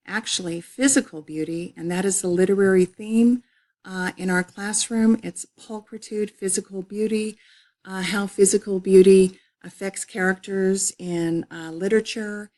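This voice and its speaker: A woman's voice: medium pitch, a little mellow. A middle-aged woman teacher walking students through her online college English course, explaining with repetition and frequent fillers. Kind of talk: recorded online course walkthrough.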